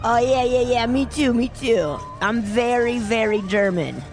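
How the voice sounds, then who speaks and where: A woman's voice: a little high, expressive, a little slow, a little mellow, soft background music. A woman playing an eager, agreeable German henchwoman in a comedy audio play.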